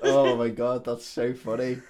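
A man's voice: medium pitch, little pitch movement, a little slow, a crowd in the background. A man in casual chat, reacting to a film recap with incredulous questions and laughter. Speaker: podcast co-host.

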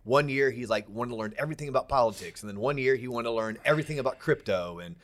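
A man's voice: medium pitch, quick pace, a bit bright. A man co-hosting a podcast, chatting casually and enthusiastically about his news and business plans. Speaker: podcast co-host.

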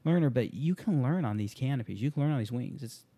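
A man with a mellow, darker tone hosts a casual chat, talking loosely in bursts and swearing freely. His voice sits in a middle range. The recording is dry and close. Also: medium pitch, lively intonation, fast talker, slightly rough, no echo. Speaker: podcast host, skydiving instructor.

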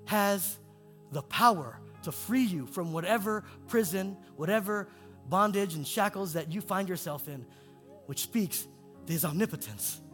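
A male pastor preaching in a church, his delivery swinging between soaring emphatic peaks and hushed low lines. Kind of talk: sermon with altar call. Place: church sanctuary. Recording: long hall reverb with faint music.

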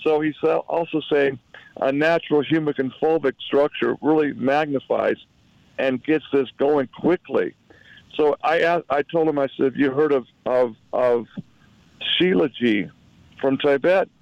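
Gravelly-voiced man pitching on a call, halting delivery, dull dry audio. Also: no room sound. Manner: halting, repeats words, salesy. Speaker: product promoter. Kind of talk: phone call.

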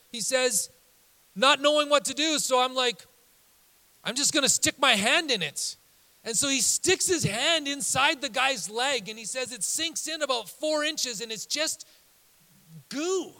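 A male preacher with a high, bright, ringing voice tells a story from the pulpit. He is animated, pushing some phrases hard and letting others drop to a hush. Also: poor audio. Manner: animated storytelling, swings from loud emphasis to hushed low tones. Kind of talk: sermon storytelling.

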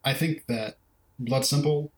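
A man's voice: medium pitch, a little slow, roomy sound, low-quality recording. A man co-hosting a film podcast in casual discussion, thoughtfully recounting scenes in detail. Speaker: podcast co-host.

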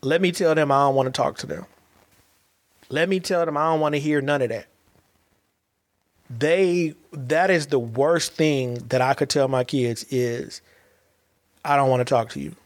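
A man's voice: fairly high pitch, a little slow, long pauses. A man and father giving a heartfelt monologue, earnest and emphatic, often repeating and restarting his words.

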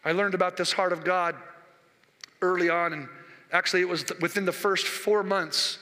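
An older pastor preaches with a piercing, bright voice pitched high for a man. He tells his stories with passion and climbs to forceful peaks. His voice rings in a church sanctuary with a long reverb. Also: steady tone, a little fast. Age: 60s. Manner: impassioned, storytelling, rising to near-shouted peaks. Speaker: senior pastor. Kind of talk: sermon.

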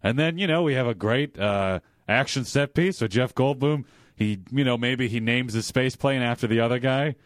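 A man's voice: medium pitch, normal speed, no room sound, studio quality, natural voice. A man playing a rambling, sleazy Hollywood producer. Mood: pitching. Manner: rambling, defensive, full of restarts and "listen". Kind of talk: improvised comedy pitch.

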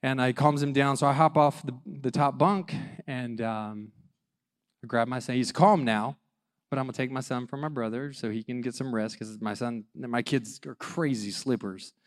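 A man in his thirties telling a personal story about being a father, animated and self-mocking, acting out the dialogue. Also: mid-range voice, moderate pace.

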